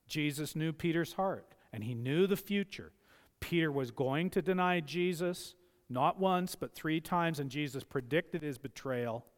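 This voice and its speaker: A man's voice: fairly high pitch, a little slow. A man preaching a sermon as a pastor, impassioned, often acting out the voices he quotes. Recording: long hall reverb.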